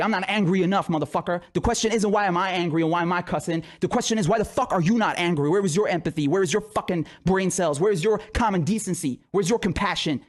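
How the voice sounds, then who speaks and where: A man ranting furiously, cursing and firing off angry questions. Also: high voice. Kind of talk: political rant video.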